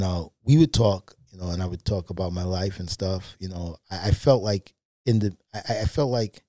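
A man talks as a podcast guest, spinning candid stories in a loose, animated way. His voice sits low and mellow. The sound is close and dry, with no room around it. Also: dry recording. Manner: candid, animated anecdotes with frequent fillers. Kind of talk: casual storytelling.

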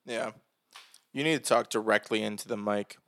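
A man's voice: on the low side, fairly even intonation, normal speed, fairly bright tone. A young man co-hosting a casual podcast, loose and joking, swearing freely as he chats. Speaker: podcast co-host. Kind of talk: casual chat.

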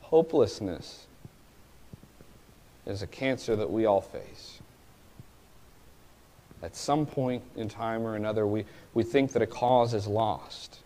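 A male preacher giving a sermon, rising to pleading cries and then dropping to quiet, reflective asides. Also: fairly low pitch, unhurried.

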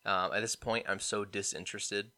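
A young man co-hosting a podcast, ranting excitedly about politics and mocking people in put-on voices. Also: fairly low pitch, normal speed. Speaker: podcast co-host. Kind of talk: casual political banter.

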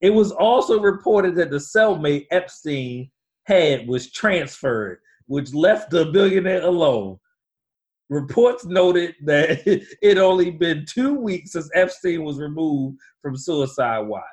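A man co-hosting a podcast, reading news items and chatting in a laid-back, low-key way. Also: expressive, slow, a little mellow. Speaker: podcast co-host. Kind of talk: casual chat, reading news aloud.

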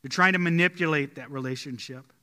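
A man preaching a sermon as pastor, telling stories and dropping his voice low and slow to stress key points. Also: big-room sound. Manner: storytelling, drops quiet and slow on key points. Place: church sanctuary.

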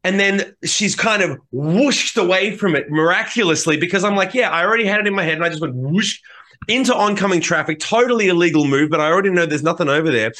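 Animated, bright-voiced man telling stories. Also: high voice, fast. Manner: animated storyteller, swears freely, acts out quotes. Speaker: podcast co-host. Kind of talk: casual chat.

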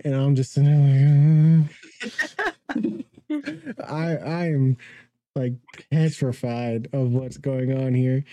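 A young man with a very dark, mellow voice tells a rambling story on a podcast, now and then laughing at his own tale. The sound is dry and close, with no room around it. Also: medium pitch, no echo. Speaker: podcast co-host. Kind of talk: casual storytelling.

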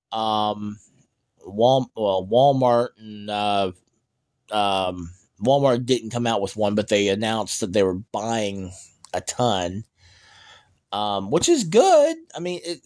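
Slow-talking man ranting casually. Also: mid-range voice. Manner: rambling, many fillers and restarts; animated, emphatic rants. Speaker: EV news vlogger. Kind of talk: casual opinionated commentary.

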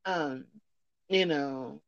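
A woman rambling through a personal story in a relaxed podcast chat. Her recording is dry and a little dull, as if the mic cuts off the high end. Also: drawn-out words, no echo. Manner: rambling, chatty.

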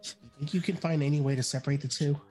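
A woman player in a tabletop game talks in a casual, anxious yet playful way. Her voice is among the deepest for a woman. Faint music plays behind her. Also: steady tone, very fast, dark tone, breathy edge.

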